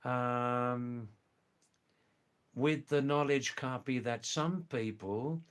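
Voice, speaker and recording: An older retired man from England and Australia chats to his live stream viewers. He speaks at an unhurried, slow pace in a mid-range voice. He repeats himself gently as he reads their messages. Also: mid-range voice, clean tone. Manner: slow, gentle and repetitive, often says "you know" and "yes". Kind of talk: live stream chat reading viewer comments.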